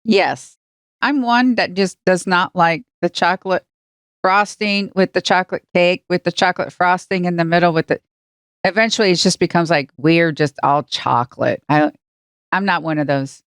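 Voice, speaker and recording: A woman's voice: fairly low pitch, moderate pace, clean tone, no echo, clean studio sound. A woman co-hosting a casual podcast, plainspoken and matter-of-fact. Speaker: podcast co-host.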